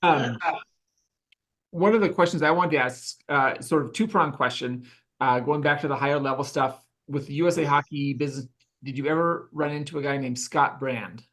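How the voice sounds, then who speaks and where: A man's voice: a little high, normal speed, a bit bright. A man hosting a podcast, chatting and telling rambling stories full of fillers. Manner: rambling, filler-heavy storytelling. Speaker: podcast host. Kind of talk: casual chat.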